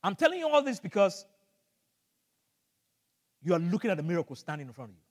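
An older man from Nigeria preaching a sermon as pastor, telling a story with animated energy and bursts of shouting. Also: high-pitched, fast talker, in a large hall. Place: church hall.

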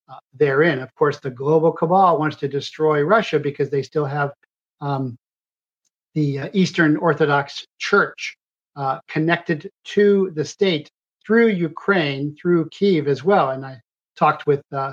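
Halting man with dull lo-fi sound. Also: fairly high pitch. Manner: halting delivery full of uh and um fillers; rambling, self-correcting talk. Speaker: host of a political commentary show. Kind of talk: live political commentary monologue.

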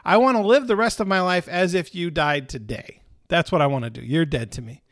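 A man's voice: a little high, a little fast, fairly bright tone, no room sound, clean studio sound. A man doing a humbled younger son. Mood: defiant. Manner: pleading, self-abasing.

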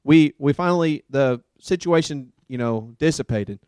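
A man who works as a paramedic tells a story in a casual, animated way, with lots of fillers like "dude" and "man". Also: mid-range voice, normal speed, clean tone, dry recording, clean studio sound. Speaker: paramedic and podcast host.

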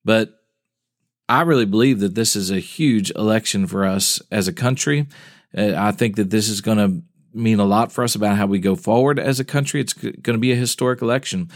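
Chatty pastor on a dry close mic. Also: male voice, fairly low pitch, fairly quick, no echo. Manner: chatty and informal, with small laughs and fillers. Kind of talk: casual podcast update.

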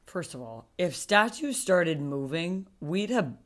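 Casting: co-host voice, mid pitch, quick reactions and dry jokes in casual chat. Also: big pitch swings. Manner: chimes in with short reactions and jokes. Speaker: podcast co-host.

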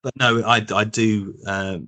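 A man's voice: on the low side, steady tone, a little slow, pushed and bright. A man, a guest in a casual interview, rambling and chuckling through old memories. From Birmingham, England. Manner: rambling, restarts often, chuckles while telling stories.

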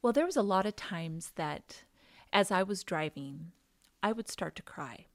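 A woman in her thirties or forties sharing an emotional faith testimony, earnest and sometimes hushed. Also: on the low side, expressive, unhurried. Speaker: guest sharing her story.

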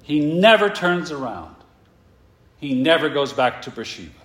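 Male preacher with a lively rising and falling voice, unhurried, echoing sanctuary, asks the room questions. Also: a little high. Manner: rhetorical questions, emphatic, slows down for stress. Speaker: pastor. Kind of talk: sermon.

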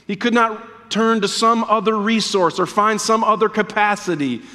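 A man preaching a sermon after a scripture reading, dramatic and slowing down to stress his words. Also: high-pitched, fairly even intonation, pushed and bright, long reverb tail.

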